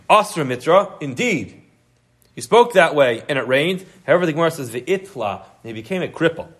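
A man with a slightly raised pitch leads a Talmud class. He reads each phrase of the text aloud, then explains it in English, often restarting mid-sentence as he works through the passage. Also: sing-song, brisk, fairly bright tone. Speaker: Talmud teacher.

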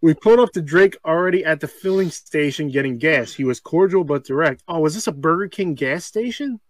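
A man co-hosting a comedy podcast, reading a strange story aloud, breaking off for deadpan asides and laughing mid-sentence. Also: a little high, brisk, no room sound. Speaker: podcast co-host.

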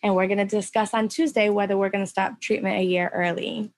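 A mother in a casual interview speaks in an emotional, halting way. She stumbles and restarts often, filling pauses as she goes. Her woman's voice sits at an ordinary middle pitch. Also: steady tone, no echo. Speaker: parent of a young patient.

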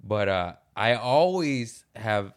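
A man's voice: lowish voice, takes it slowly. A man as a podcast guest, telling his own stories, acting out other people's voices and swearing freely. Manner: animated storyteller, acts out voices, swears freely. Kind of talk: casual chat.

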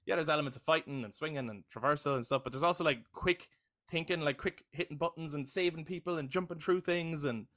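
A man's voice: on the high side, fast talker, a bit bright. Enthusiastic male podcast co-host. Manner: enthusiastic, swears casually, frequent "right?". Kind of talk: casual chat.

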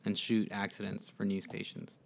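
A co-host on a casual movie review podcast, speaking in a relaxed way with short agreeing replies and some swearing. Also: low voice, moderate pace, vocal fry.

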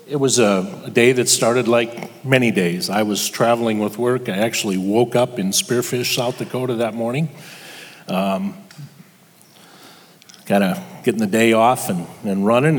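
An older man telling a personal story as a guest before an audience, halting with pauses and restarts. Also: lowish voice, in a large hall. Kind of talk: personal testimony to a live audience.

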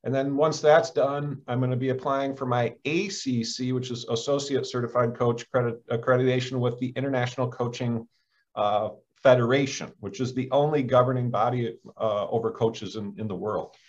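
A man's voice: medium pitch, steady tone, normal speed, darkish tone. A middle-aged man from Michigan, a leadership coach speaking as a podcast guest, earnest and upbeat, with many fillers and restarts. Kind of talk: casual interview chat. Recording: dull lo-fi sound.

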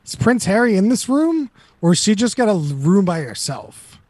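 Brief: male co-host, mid pitch, very lively intonation, dry close sound, rambling and incredulous. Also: normal speed, no echo. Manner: rambling, incredulous rhetorical questions. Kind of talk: casual chat.

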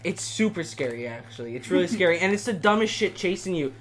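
A young man co-hosting a casual chat, excitable, swearing often and laughing a lot. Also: sits high, quick pace.

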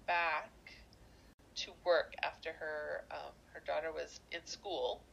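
A woman co-hosting a casual podcast, her voice a little lower than most. She laughs easily and fires off quick, teasing questions, with faint noise in the background. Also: little pitch movement, vocal fry, fairly bright tone, highs cut off. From Canada. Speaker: podcast co-host. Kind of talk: casual chat.

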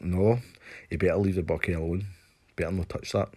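A man's voice: deep voice, fairly even intonation, fairly quick, dark tone. A Scottish man ranting in a casual monologue, sweary and sarcastic, mocking people with put-on voices.

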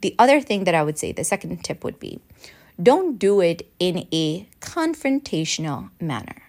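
A woman's voice: fairly low pitch, sing-song, moderate pace, a little mellow. A woman talking straight to her viewers and coaching them through advice tips, now and then acting out sample lines. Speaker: advice presenter. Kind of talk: direct-to-camera advice talk.

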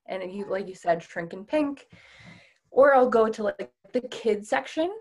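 A woman's voice: medium pitch, animated, measured pace. A woman guest on a podcast, a whitewater kayaker, who talks casually and with self-deprecating humor, often laughing mid-sentence. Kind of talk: casual conversational interview.

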